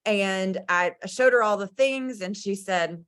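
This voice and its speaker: A woman's voice: mid-range voice, slow pace, few pauses, a bit bright, clear, resonant tone. A woman speaking on a team video call, emotional and passionate as she shares her lessons. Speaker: team leader. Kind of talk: motivational talk on a team call.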